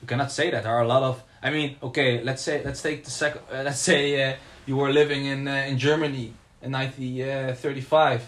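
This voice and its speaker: Man, podcast co-host, mid-pitched voice, casual debate, challenging, pointed questions. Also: little pitch movement, a little fast, hardly any pauses, a bit bright.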